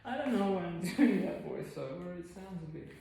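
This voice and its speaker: A woman's voice: lowish voice, expressive, normal speed, creaky, dark tone. A woman fitness vlogger chatting casually between sets of a home workout, rambling and self-deprecating with lots of fillers. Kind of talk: casual chat while working out. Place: room at home. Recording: echoey room, mic at a distance.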